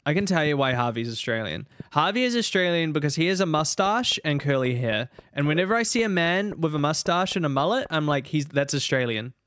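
Male streamer, rambling animated game commentary, slightly high voice, dry close sound. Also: brisk, few pauses, clear, resonant tone, dry recording. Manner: rambling, animated, talks to chat. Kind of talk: casual gameplay commentary.

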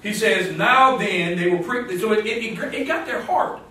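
A high-pitched male preacher delivering a sermon, his voice climbing to emphatic bursts as he quotes scripture. He is heard from a distance in a very echoey church sanctuary. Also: moderate pace, bright, forceful tone. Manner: rising to emphatic exclamations, quoting scripture, call-and-response. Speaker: pastor.

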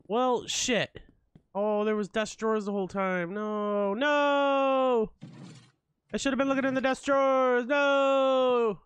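A man's voice: high voice, steady tone, moderate pace, a bit bright, smooth, no room sound. A man commentating a horror game as he plays, jumpy and swearing a lot, joking through his fear. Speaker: let's play gamer.

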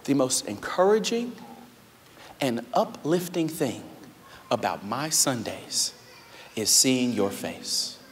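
A young man preaching a sermon as pastor, moving between loud exhortation and hushed, soft storytelling. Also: mid-range voice, expressive, slow, pauses often, slight background noise. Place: large church auditorium. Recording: live sermon with echoey hall.

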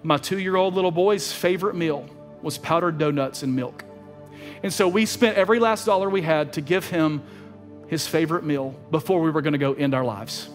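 A man's voice: fairly high pitch, moderate pace, big-room sound, faint music behind. A male pastor telling a story in a sermon, earnest and emotional, often repeating his words. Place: church sanctuary.

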